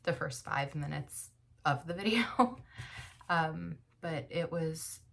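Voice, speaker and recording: A woman book vlogger speaks from home in a slow, unhurried way. Her voice sits low for a woman, and she sounds emotional and close to tears, rambling through fillers as she recalls her day. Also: vocal fry, a bit bright. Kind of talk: casual personal reflection.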